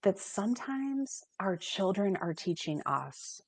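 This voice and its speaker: A woman's voice: mid-range voice, sing-song, takes it slowly, darkish tone, no room sound. An American woman in casual conversation, talking animatedly and acting out quoted dialogue, heard over a video call. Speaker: guest life coach. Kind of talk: casual chat.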